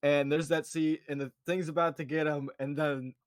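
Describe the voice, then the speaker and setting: A man's voice: fairly high pitch, little pitch movement, moderate pace, no echo, studio quality. A young man co-hosting a casual review podcast, laid-back and slangy, recapping scenes. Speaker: co-host.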